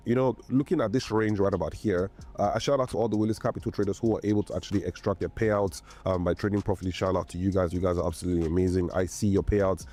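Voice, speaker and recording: A man's voice: deep voice, mellow. A man presenting a trading video in a hyped, preachy way. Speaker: trading educator.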